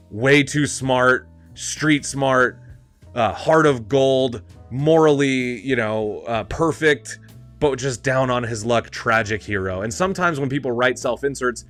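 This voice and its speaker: A man's voice: mid-range voice, fairly bright tone. A male host chatting casually about films, rambling, restarting his thoughts and laughing often. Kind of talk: casual movie talk.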